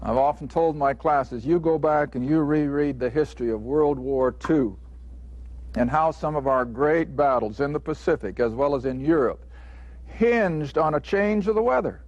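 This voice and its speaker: A man's voice: on the high side, normal speed, darkish tone, muffled recording. A man teaching a Bible lesson in a studio taping, plainspoken, earnest and emphatic.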